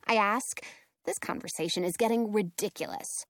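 Brief: woman reading a children's book aloud, lively and slow, dry close sound. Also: high voice, no echo. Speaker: audiobook reader. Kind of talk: first-person storybook narration.

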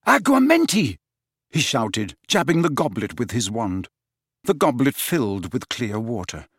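A man narrating an audiobook in a dramatic, expressive reading style. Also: on the low side, a little slow, slightly rough, no echo, studio quality. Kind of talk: scripted narration.

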